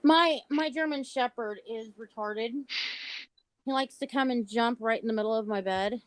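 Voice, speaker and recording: A middle-aged woman hosting a livestream over a video call, telling stories in a blunt, animated way and laughing often. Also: fairly high pitch, normal speed, dry recording, low-quality recording. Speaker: livestream host. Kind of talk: casual chat.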